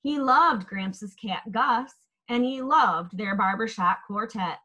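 A woman reading a children's picture book aloud in an expressive, lilting storytelling manner. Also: fairly high pitch, slow pace, breathy edge, lo-fi sound.

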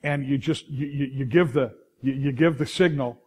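A pastor in middle age, with a Californian accent and a medium-pitched, slightly rough voice at a moderate pace, delivers a sermon in lively storytelling fashion. His preaching is full of restarts and asides to the congregation.

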